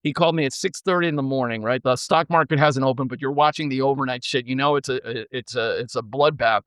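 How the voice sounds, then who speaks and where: A man in a podcast interview, telling stories in an energetic, blunt way and swearing freely. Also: mid-range voice, fast talker, clear, resonant tone, no room sound. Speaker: podcast guest, former co-CEO. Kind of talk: casual storytelling.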